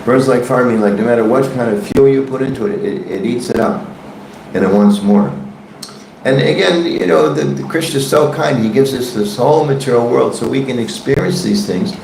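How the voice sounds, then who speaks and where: Male devotional class teacher, conversational and joking, gravelly voice, echoey hall. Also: medium pitch, brisk, darkish tone, slight background noise. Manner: conversational, joking, asks the audience questions. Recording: echoey room.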